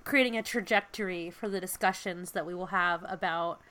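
Woman, fifties, podcast co-host, animated storyteller, chatty, fillers, bright voice. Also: on the low side, fairly quick. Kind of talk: casual chat.

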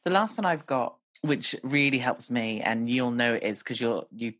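A woman's voice: very deep voice, lively intonation, moderate pace, fairly bright tone, no room sound. A woman in her forties, chatting candidly on a podcast, talking about herself with self-deprecating humor. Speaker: podcast guest. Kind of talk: casual conversation.

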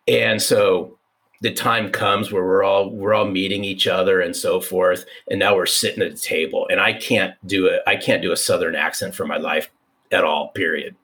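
A man in his fifties, a podcast guest telling a personal story in an animated, repeating way. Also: low voice, normal speed. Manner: animated, restarts, repeats for emphasis. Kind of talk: conversational storytelling.

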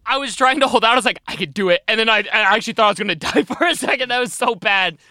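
Bright, high-pitched joking man. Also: very fast, no room sound, studio quality. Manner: excitable and joking. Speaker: podcast co-host. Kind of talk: casual chat. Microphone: studio microphone.

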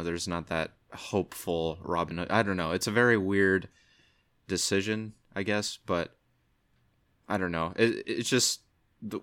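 Deep voiced guy rambling about a movie on a podcast, kinda unsure, dry mic. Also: fairly bright tone, no room sound. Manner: hesitant, rambling, many "I don't know"s. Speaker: podcast co-host. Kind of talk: casual movie review chat.

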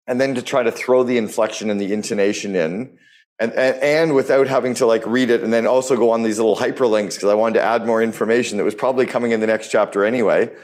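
A man's voice: medium pitch, fairly even intonation, quick pace, a little mellow. Blunt, swearing male podcast host. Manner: enthusiastic, blunt, swears casually. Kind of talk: podcast interview.

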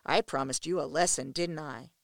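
A woman's voice: low-pitched, moderate pace, no room sound, studio quality. A woman reading the lines of a cruel, mocking man in a story, with a taunting, smug delivery.

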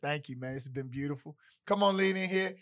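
A man's voice: on the high side, fast talker, fairly bright tone. A man with a Chicago accent hosting a casual panel interview with lots of hype-man energy. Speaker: host.

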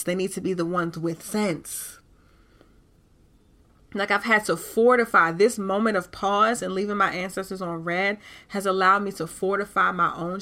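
A woman with hosts her podcast in a candid, animated way and curses freely. Her voice sounds bright and forward, with a middle pitch. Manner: animated and candid, with frequent cursing. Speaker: podcast host. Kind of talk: casual spiritual talk.

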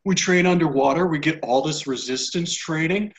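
A man doing a cocky bro snail athlete from the deep. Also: normal speed, close to an everyday voice. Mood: boastful. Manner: brash bro-ish boasting. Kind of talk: improvised tabletop role-play.

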